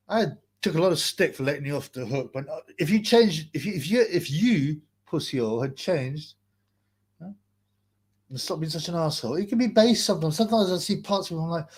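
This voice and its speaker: Husky man ranting on a livestream. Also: on the high side, darkish tone. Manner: mocking, rambling, reads out chat greetings. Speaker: livestream host. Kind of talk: casual livestream rant.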